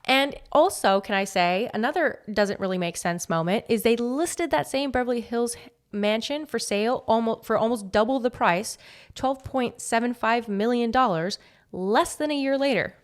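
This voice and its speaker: A woman's voice: on the high side, normal speed. Chatty, sarcastic woman podcast co-host. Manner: chatty, sarcastic, acts out quotes. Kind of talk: casual chat.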